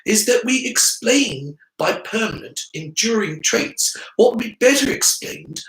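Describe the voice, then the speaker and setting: A man's voice: high-pitched, expressive, a little slow, fairly bright tone, reverberant, pitched above the performer's own voice, exaggerated voice, rough recording. A man voicing an earnest, analytical boy wizard who explains things in a lecturing way. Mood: explaining.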